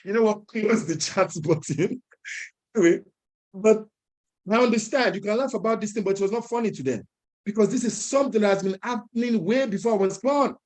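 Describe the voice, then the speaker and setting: Young man telling an animated story. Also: high-pitched, fairly quick. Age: young adult. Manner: animated, chuckling, acts out other people's lines. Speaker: speaker at an entrepreneurs' event. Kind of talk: personal storytelling talk.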